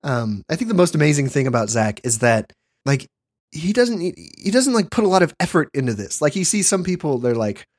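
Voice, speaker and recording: A man chatting casually with friends, somewhat high-voiced and recorded close and dry. He tells stories with plenty of laughter and little acted-out quotes. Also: sing-song, a little fast, no echo. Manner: storytelling, laughs often, acts out quoted voices. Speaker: podcast co-host. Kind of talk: casual chat.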